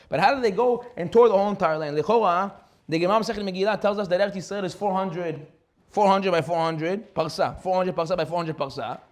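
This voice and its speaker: A rabbi preaching in a lively sermon, a man with a high voice for his sex. He talks quickly, fires off rhetorical questions and laughs often as he tells stories.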